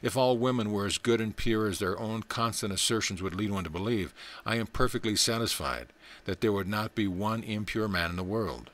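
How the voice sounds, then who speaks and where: A man with a low voice reads a spiritual text and its parable aloud. His narration is measured and earnest, steady from line to line. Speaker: audiobook reader. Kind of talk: scripted narration.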